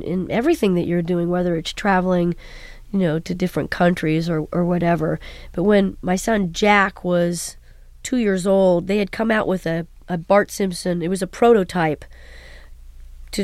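A voice actress being interviewed, telling stories in an animated way and laughing often. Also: female voice, on the low side, dry recording, clean studio sound. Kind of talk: casual interview talk.

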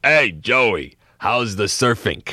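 A man voicing a heavyset old neighbor from Brooklyn with a big, gruff, slow-drawling voice. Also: lowish voice, animated, sharp tone, dry recording, heavily acted.

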